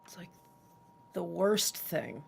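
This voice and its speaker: A woman joins a tabletop horror game, chatting and joking with the table. Her voice has a gravelly crackle. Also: lowish voice, slow, faint music behind. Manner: jokey, chatty. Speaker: player. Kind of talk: casual tabletop play.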